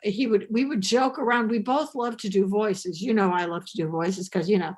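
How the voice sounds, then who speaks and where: A woman's voice: mid-range voice, moderate pace, few pauses. An older woman, a comedian guest, telling stories in an interview and acting out quoted voices. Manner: animated, acts out quoted voices. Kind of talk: storytelling interview chat.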